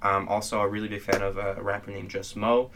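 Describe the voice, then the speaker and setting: A man's voice: lowish voice, flat delivery, fast, noisy background. A man in a casual chat, rambling and swearing, with many fillers. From Canada. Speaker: guest.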